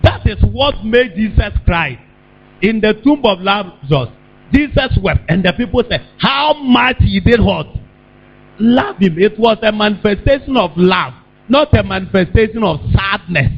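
High-pitched preacher with swooping delivery. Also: male voice, expressive, normal speed, husky. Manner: call-and-response preaching, bursts of shouting. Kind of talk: sermon. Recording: dull lo-fi with mains hum.

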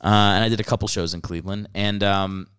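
Dude cohosting a football podcast, smooth clear voice, teasing and sweary. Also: male voice, deep voice, fairly even intonation, fast, a bit bright. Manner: teasing, runs the segments, swears casually. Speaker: podcast co-host. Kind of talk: casual sports chat.

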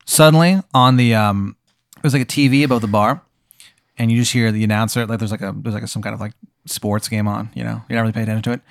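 A man's voice: on the low side, fairly even intonation, quick pace, creaky, dry recording, clean studio sound. A man narrating an improvised role-playing game as game master, casual and meandering with frequent swearing.

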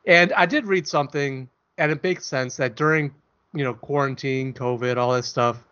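Guy rambling on a podcast, kinda jokey, bright voice, muffled lo-fi sound. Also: medium pitch, moderate pace, clear, resonant tone. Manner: rambling, self-deprecating, jokey. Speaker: podcast co-host. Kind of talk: casual podcast chat. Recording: dull lo-fi audio.

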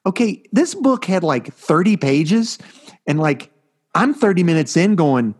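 A middle-aged man co-hosting a casual chat podcast, telling stories in an animated, rambling way. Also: fairly high pitch, measured pace. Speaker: podcast co-host.

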